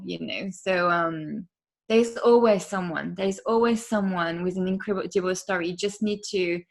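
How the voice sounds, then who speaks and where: A woman podcast host being interviewed, talking casually with many fillers and soft laughs. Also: mid-range voice, vocal fry.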